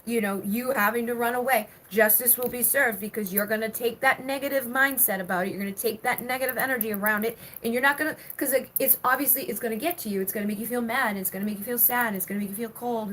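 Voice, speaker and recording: A woman's voice: a little high, fairly even intonation, quick pace, hardly any pauses, fairly bright tone, a little hiss or hum, rough recording. A woman doing a live-stream tarot reading, reading viewer comments aloud and talking through the cards in a chatty way with many fillers. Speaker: tarot reader.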